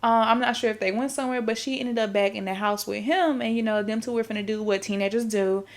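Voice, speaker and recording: A woman's voice: fairly high pitch, fairly even intonation, fast. Woman podcast host, loose profane recap storyteller, rambling, talks right to her listeners. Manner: rambling and profane, with repeated fillers; talks straight to the audience. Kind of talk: casual movie recap storytelling.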